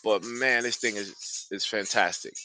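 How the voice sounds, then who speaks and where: A man's voice: lowish voice, a little slow, pushed and bright, faint music behind. A man hosting a casual live stream, talking loosely and enthusiastically straight to his viewers. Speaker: fragrance reviewer streaming live.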